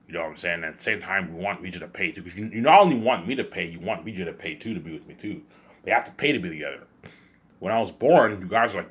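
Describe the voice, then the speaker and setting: Here a vlogger with a low-sitting, fairly bright voice talks fast and animatedly. His to-camera monologue is an agitated rant, repetitive and accusatory throughout.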